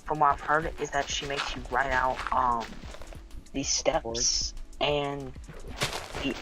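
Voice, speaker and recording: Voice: medium pitch, steady tone, slow pace, poor audio. Casual chat, hesitant friend, many restarts, faint music behind.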